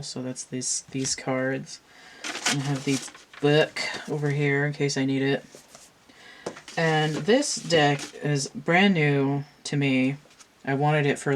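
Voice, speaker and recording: A woman's voice: very deep voice, slight background noise. A woman chatting loosely as she lays out oracle cards, rambling with fillers and restarts, a little congested. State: congested from a cold. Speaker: tarot and oracle card reader. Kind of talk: casual chat while doing a card reading.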